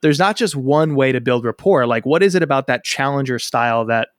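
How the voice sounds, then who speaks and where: A man hosts a podcast, speaking at a middle pitch in a measured, conversational way as he asks probing questions. His voice is recorded dry and close, with no room around it. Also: dry recording. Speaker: podcast host. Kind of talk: casual interview.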